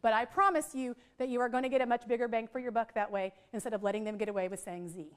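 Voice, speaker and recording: Lively high-voiced woman trainer. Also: quick pace, clean tone. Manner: lively, chatty, teacherly. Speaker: literacy trainer. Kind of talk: teacher training workshop. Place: training room with a group.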